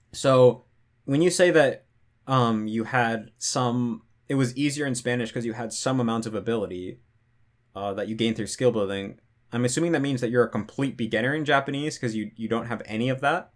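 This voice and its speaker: A man's voice: medium pitch, normal speed. A young man hosting a casual Q&A, explaining things loosely with lots of "like" fillers and restarts. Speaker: language-learning channel host. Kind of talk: casual Q&A monologue.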